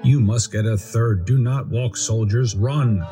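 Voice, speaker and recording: A man's voice: on the low side, unhurried, music in the background, natural voice. A man voicing a bossy authority on television who gives orders in a rhyming storybook.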